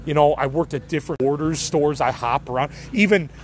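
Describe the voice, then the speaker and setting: A man's voice: fairly high pitch, fairly quick, slight background noise, low-quality recording. A middle-aged man from the Chicago area hosting a podcast, talking in a casual, rambling, profane way and laughing things off. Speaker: podcast host.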